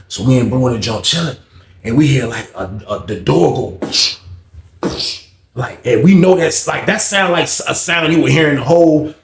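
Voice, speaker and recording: Gravelly man telling a casual story. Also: mid-range voice, reverberant. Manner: casual, profane, lots of fillers. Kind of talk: casual storytime about prison.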